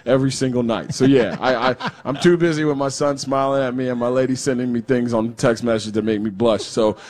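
A man talking as a guest on a sports talk show, playful and quick to laugh, often repeating words as he starts a sentence. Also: mid-range voice, fairly even intonation, a little mellow. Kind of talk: casual sports radio banter.

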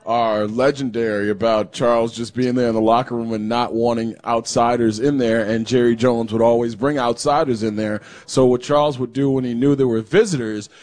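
A man talking as a guest on a sports talk show, playful and quick to laugh, often repeating words as he starts a sentence. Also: medium pitch, steady tone, darkish tone. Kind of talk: casual sports radio banter.

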